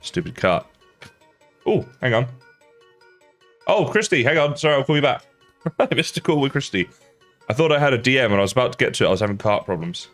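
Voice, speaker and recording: A man's voice: mid-range voice, very animated, fairly quick, pauses often, fairly bright tone, faint music behind. An English man with a slight Australian tinge, chatting casually and rambling to viewers while he plays a game on a livestream. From England.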